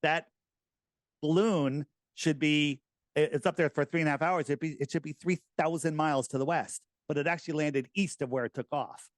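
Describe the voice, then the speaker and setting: A middle-aged American man talking casually in an interview, animated and rambling, with many restarts. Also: a little high, normal speed, no echo. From United States. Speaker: podcast host, guest.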